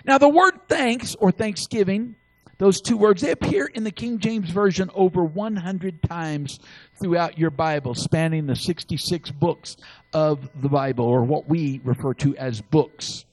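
A man's voice: fairly high pitch, a little slow, a little mellow, dry recording, low-quality recording. A man preaching a sermon, telling folksy stories with frequent restarts. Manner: folksy storytelling with many restarts.

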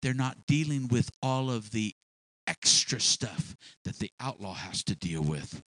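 A man's voice: mid-range voice, expressive, unhurried, a bit bright, no room sound, low-quality recording. A man preaching a sermon in a storytelling way, drawing out key words for emphasis and often restarting his phrases.

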